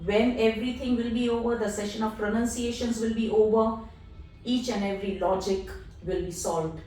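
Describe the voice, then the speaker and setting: A woman teaching a French pronunciation lesson, drilling each word slowly by repetition. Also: on the high side, fairly even intonation, warm tone, faint music behind. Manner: slow, drilling words by repetition. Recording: very echoey room, mic at a distance.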